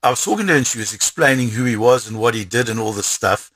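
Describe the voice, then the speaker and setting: Middle-aged south african guy, raspy bright voice, animated storyteller, dry close sound. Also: mid-range voice, fast talker, no room sound. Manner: animated storyteller, repeats words when excited. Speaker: interviewee. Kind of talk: storytelling in an interview.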